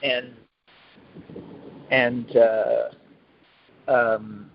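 A man with a medium-pitched, steady voice speaks extremely slowly, giving an informal spiritual talk as a support mentor. He rambles with many fillers and restarts, acting out the people he quotes with dramatic flair, over a tinny, phone-like line with a little hiss or hum.

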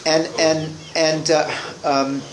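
A man's voice: on the high side, little pitch movement, takes it slowly, echoey room, a little hiss or hum, low-quality recording. A man speaking informally to a group at a recovery meeting in a room, rambling and restarting his sentences with wry humor.

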